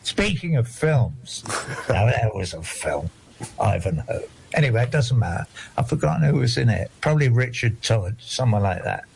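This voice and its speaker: A man's voice: medium pitch, big pitch swings, moderate pace, gravelly, a little hiss or hum. An older man, talking in a rambling, digressive, indignant way during a casual discussion.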